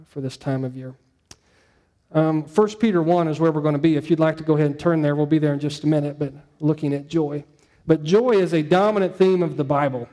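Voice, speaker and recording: Male pastor, easygoing sermon delivery, slightly high, warm tone. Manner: conversational, storytelling, frequent "um" and "right?".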